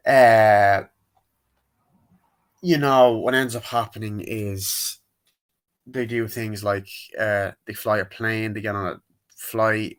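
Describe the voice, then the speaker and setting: A man's voice: fairly low pitch, fairly bright tone, smooth. Rambling, swearing young-sounding man reviewing a film. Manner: rambling, profane and jokey, many fillers. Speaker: movie reviewer. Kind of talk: casual spoken movie review.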